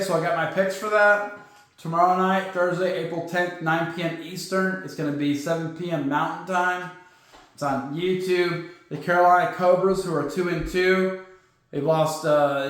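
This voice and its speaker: A man hosting a sports podcast, talking casually in an animated, sarcastic, joking way. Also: a little high, normal speed. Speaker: podcast host. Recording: very echoey room.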